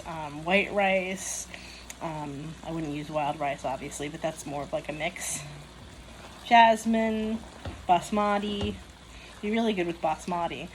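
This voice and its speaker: Friendly mom cooking at home for her channel, chatty, laughs a lot, faint background hiss. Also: mid-range voice. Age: young adult to middle-aged mom. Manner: chatty, upbeat, laughs often. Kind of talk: casual cooking demonstration. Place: home kitchen.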